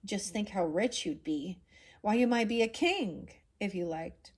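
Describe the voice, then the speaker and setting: A woman's voice: medium pitch, animated, unhurried, breathy edge. A woman reading as a jolly muddled old professor. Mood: cheerful.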